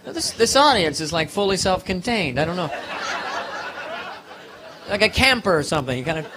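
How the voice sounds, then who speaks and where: A man's voice: high voice, sing-song, moderate pace, background noise. A man doing a live stand-up comedy set on a club stage, playful and self-mocking.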